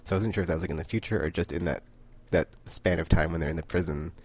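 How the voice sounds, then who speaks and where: Deep-voiced man rambling through a recap. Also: racing, a little mellow, slightly rough. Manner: rambling, laughs often, many fillers. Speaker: comic book reviewer. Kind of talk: casual recap of a comic issue.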